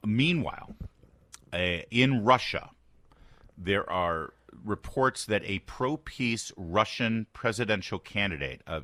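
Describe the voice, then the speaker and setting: A man with a very low voice hosts a morning radio talk show in an American accent. He swings his pitch around a lot and reads quotes aloud with sardonic emphasis, and the studio sound is dry and close. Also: sharp tone, no room sound. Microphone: studio microphone.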